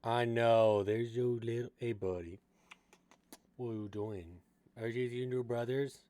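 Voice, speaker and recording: A young man streaming, chatting casually with viewers in a relaxed, rambling way. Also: mid-range voice, measured pace, dry recording.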